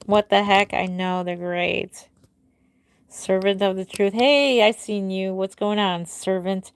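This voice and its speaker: A middle-aged woman chatting through a live stream from her home, answering viewer comments one at a time. Her voice sits in a middle range and often trails off soft and low at the end of a thought. The sound is dry and close, with no room echo. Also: fairly even intonation, slow pace, smooth. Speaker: reborn doll artist hosting a live stream.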